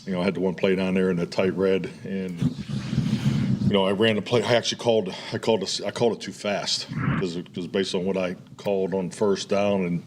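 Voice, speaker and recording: Low-voiced guarded male coach. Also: steady tone, slight background noise. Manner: measured, guarded answers. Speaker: play caller at a press conference. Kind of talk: press conference answer.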